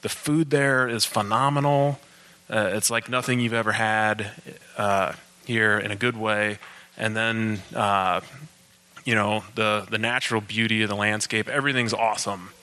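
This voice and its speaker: Man, church mission talk, lowish pitch, flat steady delivery. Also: moderate pace. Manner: self-described monotone, steady, uses uh. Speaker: church mission team member.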